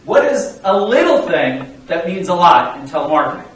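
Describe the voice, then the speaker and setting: Sales coach guy pumping up his team, fairly high voice, big echo, sounds far from the mic with a little hiss. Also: normal speed. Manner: emphatic, pleading, energetic. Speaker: sales trainer. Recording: echoey room, mic far off, faint hiss.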